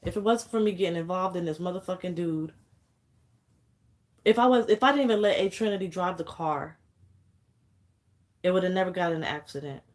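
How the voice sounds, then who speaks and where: A woman's voice: on the low side, fairly quick, long pauses. A young woman venting on camera in an angry, profane vlog rant, fighting back tears. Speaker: vlogger.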